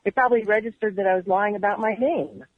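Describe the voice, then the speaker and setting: On a radio interview, a woman who used to work for an agency tells her story in earnest detail, acting out what other people said to her. Her mid-range voice moves fast with fairly even intonation, and the audio has a phone-line quality.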